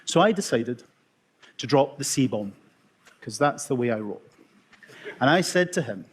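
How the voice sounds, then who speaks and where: A middle-aged Scottish man, an emergency consultant, telling wry, self-mocking stories in a talk with dramatic pauses. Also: mid-range voice, animated, slightly rough. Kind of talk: storytelling conference talk.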